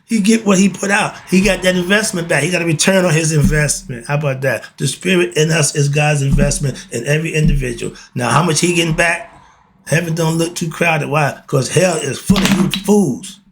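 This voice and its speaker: A man's voice: on the high side, brisk, creaky, slight background noise. A man, giving a casual, blunt monologue, often laughing and asking and answering his own questions. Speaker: host of a philosophy talk channel.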